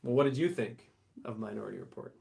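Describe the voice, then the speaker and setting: Easygoing male podcast co-host, mid pitch, chatty and quick to laugh. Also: vocal fry, dark tone. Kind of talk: casual chat.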